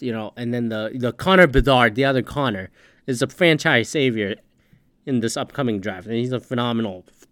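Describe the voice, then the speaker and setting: A man's voice: mid-range voice, fairly bright tone, dry recording, studio quality. A man hosting a podcast, ranting in heated, profane, sarcastic casual commentary. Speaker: podcast host.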